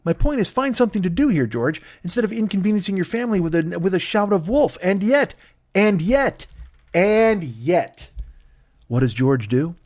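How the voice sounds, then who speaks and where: A man's voice: high-pitched, very animated, moderate pace, darkish tone, no room sound, studio quality. A man doing a profane, riffing comedic monologue as a podcast host.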